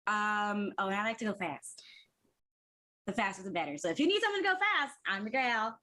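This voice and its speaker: A woman's voice: mid-range voice, expressive, fairly quick, pushed and bright. A woman voicing an anxious young female mechanic with a put-on Southern American drawl. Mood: folksy. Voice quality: drawling twang.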